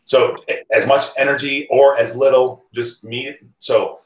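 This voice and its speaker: A man's voice: medium pitch, flat delivery. Playful man co-host in an echoey room. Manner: playful, quick questions. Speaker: podcast co-host. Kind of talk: casual group chat over video call.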